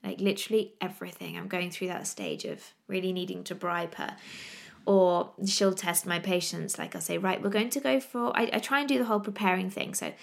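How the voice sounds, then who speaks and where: Chatty mum with a gravelly edge. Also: female voice, on the low side, expressive, fairly quick. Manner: chatty, laughing, exasperated storytelling. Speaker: podcast host. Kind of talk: casual chat.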